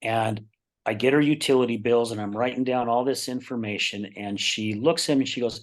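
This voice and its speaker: A middle-aged man from Utah speaks as a podcast guest and tells his own stories with energy. He acts out the voices of the people in them, and his pitch sits at a middle level for a man. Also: a little fast. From Utah, United States. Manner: animated, acts out quoted dialogue in his stories. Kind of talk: personal storytelling in a podcast interview.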